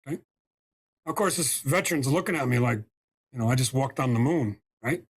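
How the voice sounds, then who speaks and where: Here a spiritual healer from the US tells a story as a podcast guest, brisk and medium-pitched with a breathy edge to his voice. He speaks emphatically and frequently tosses in "right?" and "okay?" to check in.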